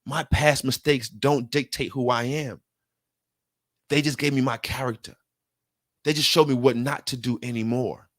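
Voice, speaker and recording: A man's voice: medium pitch, steady tone, normal speed, pauses often, a bit bright, no echo, studio quality. Earnest man giving a motivational talk. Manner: earnest, repetitive, gets worked up; casual slang, addresses listener directly. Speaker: self-help speaker.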